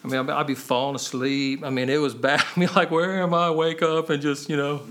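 A man's voice: on the high side, little pitch movement, brisk, a bit bright. Earnest man telling his faith story. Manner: earnest, storytelling, peppers speech with "man" and "you know". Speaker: podcast guest sharing his testimony. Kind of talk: casual personal testimony.

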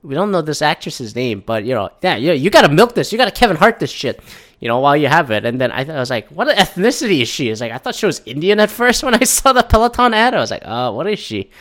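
A man's voice: fairly high pitch, sing-song, fast, a bit bright. A man hosting a casual solo podcast, rambling and sarcastic, swearing freely and restarting his sentences. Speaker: podcast host.

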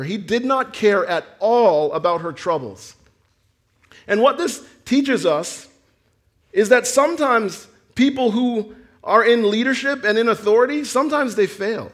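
Guy with a high voice preaching, earnest, goes loud then real quiet. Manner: earnest preaching, rising to near-shouts then dropping low. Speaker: pastor. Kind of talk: sermon.

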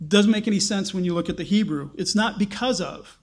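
A man preaching an expository sermon in an animated way, acting out the quotes he tells. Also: fast talker. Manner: animated, acts out quotes with rising pitch. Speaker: pastor.

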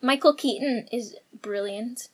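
A woman's voice: a little high, measured pace. A woman co-hosting a casual podcast, firing back dry retorts and laughing often. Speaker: podcast co-host.

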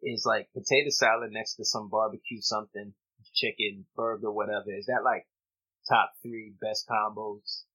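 A man co-hosting a podcast, relaxed and slangy. His voice is bright and sharp with a husky edge. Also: fairly low pitch, moderate pace, low-quality recording. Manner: laid-back, slangy. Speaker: podcast co-host. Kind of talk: casual chat.

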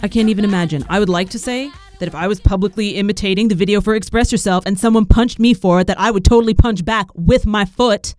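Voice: medium pitch, fast talker, few pauses, darkish tone, dry recording, soft background music. A podcast host introducing stories in a wry, conversational way. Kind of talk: scripted introduction.

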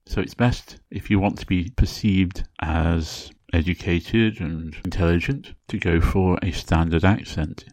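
A man from England speaking with a Received Pronunciation accent, giving a measured, clearly enunciated educational talk as a podcast host. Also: low-pitched, darkish tone, no echo. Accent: English Received Pronunciation.

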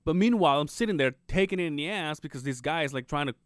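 A man co-hosting a podcast, chatting casually and telling a story full of quoted back-and-forth. His pitch leaps high and drops low as he acts out each person. He sits close to the mic in a dry room with no echo. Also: quick pace. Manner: animated storyteller acting out quoted people, swearing freely. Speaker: podcast co-host.

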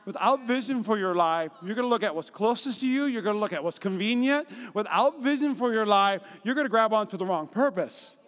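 A man with a strikingly high voice delivers a lively sermon in a church hall, his words trailing off into a long reverb. He tells stories with animated energy and jumps into acted-out voices for the people in them. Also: brisk, few pauses. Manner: animated storytelling, acts out quotes in high voices. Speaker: pastor. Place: church auditorium.

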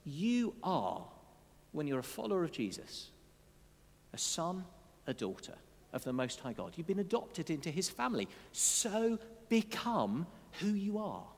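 Animated male preacher in a reverberant hall. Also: a little high, a little slow, creaky. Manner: conversational, with asides and dry humour. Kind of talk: sermon.

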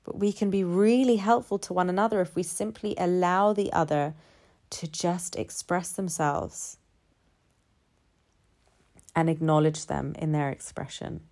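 A woman with a notably deep, low voice talks through a personal reflection. Her delivery is calm and measured, and she stacks her points in repeated phrases.

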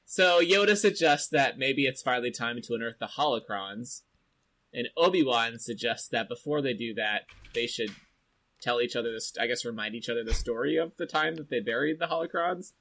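A man hosting a podcast in casual chat, his voice sitting at an ordinary middle pitch. He talks in a loose, rambling way, with plenty of "like" and "um" as he recaps. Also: normal speed, fairly bright tone. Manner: chatty, filler-heavy recap with lots of "like". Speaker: podcast host.

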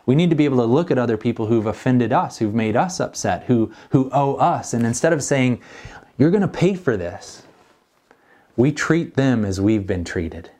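A man's voice: mid-range voice, animated, brisk, few pauses, warm tone. A middle-aged man preaching a sermon as a pastor, in an earnest, conversational way.

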